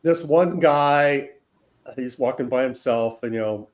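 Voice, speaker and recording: A man hosting an art livestream, telling a long rambling anecdote in casual chat. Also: medium pitch. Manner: slow, rambling anecdote teller.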